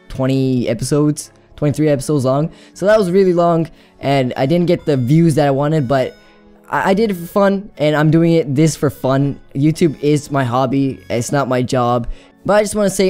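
A man's voice: a little high, darkish tone. A young man chatting casually and rambling through a game playthrough, giggling often. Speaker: gaming YouTuber. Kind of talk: let's play commentary.

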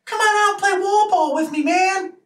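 A man mimicking a long-isolated male prisoner with an oddly high, childlike way of talking. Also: moderate pace, fairly bright tone. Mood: inviting. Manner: high, odd, childlike inviting tone. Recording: roomy echo, mic a bit far off.

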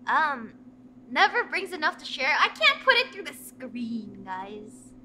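A high-pitched woman with a bright, sparkling tone and a voice that swoops up and down as she chats. She hosts a casual stream with a friend and giggles her way through her sentences. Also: sing-song, a little slow, a little hiss or hum. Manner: giggly, chatty, often laughing mid-sentence. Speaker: streamer host. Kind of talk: casual chat.

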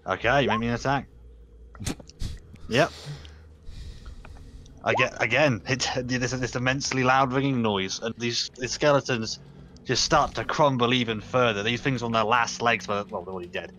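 A man's voice: mid-range voice, fairly even intonation, normal speed, long pauses, pushed and bright, a little hiss or hum. A man narrating a tabletop game as game master, casual and stumbling over restarts as he describes the scene.

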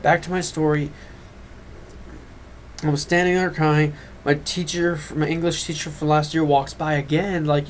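A man telling a personal story on his vlog, rambling and drifting off into quick asides. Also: a little high, flat delivery, slight background noise. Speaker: vlogger.

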